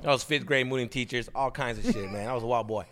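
A man's voice: medium pitch, quick pace, in a large hall. A man on a podcast telling a rowdy childhood story in casual chat, swearing freely and acting out the people in it. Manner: animated, profane storytelling with acted-out voices. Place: studio.

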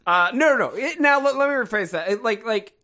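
A man's voice: very high voice, animated, a little fast. A man from Mexico co-hosting a podcast in casual chat, laughing often and swearing a lot. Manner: laughs often, swears a lot, goes loud in playful bits. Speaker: podcast co-host.

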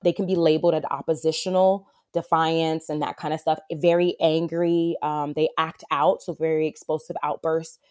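A woman's voice: low-pitched, little pitch movement, moderate pace, hardly any pauses, a little mellow, no room sound, clean studio sound. A woman therapist talking in an interview, earnest and heartfelt, with lots of fillers. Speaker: wilderness therapist for adolescent boys. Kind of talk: conversational interview.

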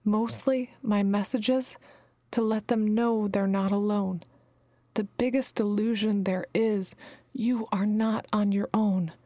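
A woman's voice: medium pitch, steady tone, takes it slowly, warm tone, no echo. A woman voicing a motherly female healer who calls everyone her babies, speaking soothingly and sometimes dropping to a whisper, in a dry recording. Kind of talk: audiobook character reading.

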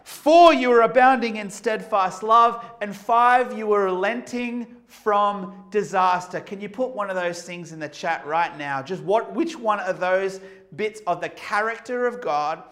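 A pastor preaching a sermon to an online congregation in a conversational way, asking listeners direct questions. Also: male voice, high-pitched, measured pace, a bit bright.

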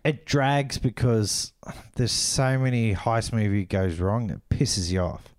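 A man co-hosting a podcast in casual chat, swearing freely and laughing through animated asides. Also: lowish voice, takes it slowly, no echo, studio quality. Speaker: podcast co-host.

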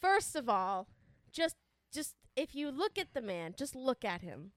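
A woman's voice: sits high, big pitch swings, a little slow, no room sound, clean studio sound. A woman co-hosting a casual chat, joking and blunt, now and then putting on a playful Southern drawl. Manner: blunt and profane. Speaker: podcast co-host.

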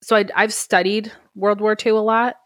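A woman's voice: medium pitch, little pitch movement, moderate pace, no room sound, clean studio sound. A woman casually recapping a film on a podcast, acting out the characters' lines with plenty of swearing. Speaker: podcast co-host. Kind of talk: casual movie recap chat.

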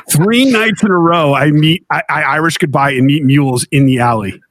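A man's voice: fairly high pitch, a little fast, hardly any pauses, a little hiss or hum. A man telling stories in casual podcast chat, acting out his friends' lines as he goes. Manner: animated anecdote teller, acts out friends' lines. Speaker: podcast co-host. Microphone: home studio mic, remote recording.

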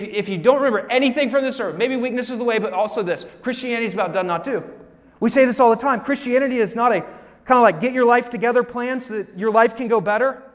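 Young male pastor, high-pitched and conversational, preaching in a reverberant church hall. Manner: casual, animated preaching with direct asides to the congregation. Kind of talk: sermon.

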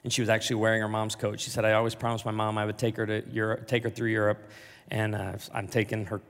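A male pastor telling a jokey, animated story in a sermon, with big swings in volume. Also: lowish voice, fast talker. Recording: large hall reverb.

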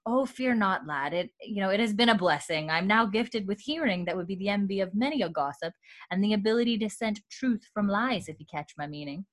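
A woman voicing a sly, gracious old blind woman in soft, old-fashioned speech. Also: medium pitch, lively intonation, fairly quick, natural voice.

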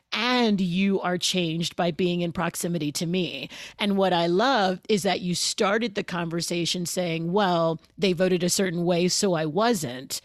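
A woman interview guest talking in a conversational way, expressive and laughing as she speaks, acting out the words of others. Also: medium pitch, dry recording, clean studio sound. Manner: expressive, laughs as she talks, acts out quotes.

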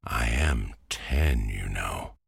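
Storybook boy of ten read by a man: earnest, pleading, a little higher. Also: lively intonation, extremely slow, creaky, slightly rough, dry recording, studio quality, heavily acted. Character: ten-year-old farm boy.

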